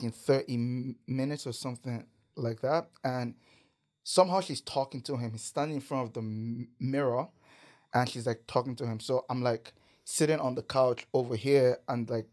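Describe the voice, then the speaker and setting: Canadian guy, podcast guest, mid-pitched voice, animated swearing storyteller who laughs a lot. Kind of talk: casual storytelling.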